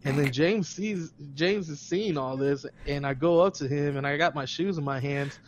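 A man's voice: on the high side, moderate pace, highs cut off, a little hiss or hum. A man casually telling a story on a podcast, rambling, repeating words and laughing a lot. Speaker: podcast host.

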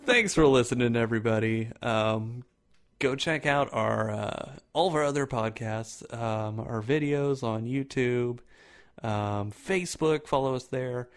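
A man's voice: medium pitch, a little slow. A man co-hosting a podcast, swearing freely and cracking jokes in casual chat. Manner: profane, wisecracking. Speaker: podcast co-host.

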